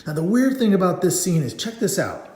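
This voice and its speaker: Middle-aged male comic fan, mellow tone, rambling and upbeat, recorded in a roomy space. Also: high voice, very animated, fairly quick. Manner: rambling, enthusiastic, many fillers. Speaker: comic book reviewer. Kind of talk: casual comic book read-through. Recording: echoey room.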